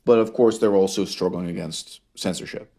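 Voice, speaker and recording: A man with a low, gravelly voice lectures on ancient history, moving between quoted passages and his own commentary. He sounds wry and amused, slowing down on key words and pressing the listener with rhetorical questions. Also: fairly even intonation, warm tone. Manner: wry, laughs at his own source readings; rhetorical questions, drawn-out emphasis. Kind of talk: lecture reading and commenting on sources.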